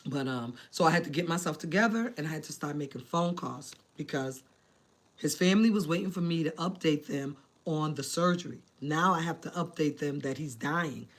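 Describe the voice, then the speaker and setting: A woman's voice: low-pitched, normal speed. Woman vividly retelling a hard day. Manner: animated, dramatic retelling with acted quotes and asides to viewers; addresses viewers as family, casual slang. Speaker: vlogger telling a personal story. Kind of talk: emotional storytelling to camera.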